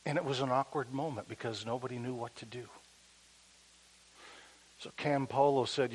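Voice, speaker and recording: A man's voice: mid-range voice, moderate pace, pauses often, husky, low-quality recording. Man preaching through a story. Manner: animated, acting out voices, dropping to a hush at tender moments. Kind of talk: sermon storytelling.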